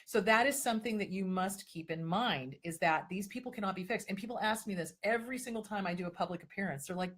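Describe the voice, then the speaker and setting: A woman's voice: mid-range voice, fast talker, few pauses, slightly rough. A woman hosting a live-stream advice talk and answering viewer questions, talking emphatically and with lots of repetition, and sometimes slipping into mocking voices to act out other people.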